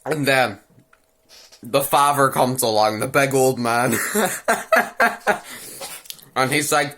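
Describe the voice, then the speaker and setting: Bright-voiced young man ranting crudely. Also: mid-range voice, expressive, takes it slowly, long pauses. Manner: crude, mocking, rambling with repeated phrases. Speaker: anime reviewer. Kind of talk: casual ranting recap.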